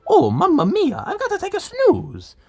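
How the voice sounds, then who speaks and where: A man voicing a cheerful, excitable male plumber hero in a very high, squeaky Italian-style voice for a plush video. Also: moderate pace, vocal fry, dry recording, full character voice. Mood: cheery.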